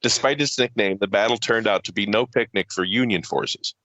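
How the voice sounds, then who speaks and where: Man, podcast co-host, lowish pitch, dry close mic, profane offhand delivery. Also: brisk, sharp tone, no echo, lo-fi sound. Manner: profane, offhand asides while reading. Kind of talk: casual reading of notes with banter.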